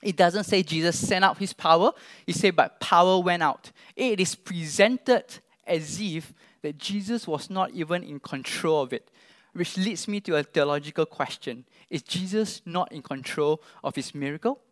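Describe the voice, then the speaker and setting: A man's voice: on the high side, moderate pace, a bit bright, no room sound. A man preaching a sermon, emphatic, asking the listeners questions directly and acting out the disciples' sarcastic lines.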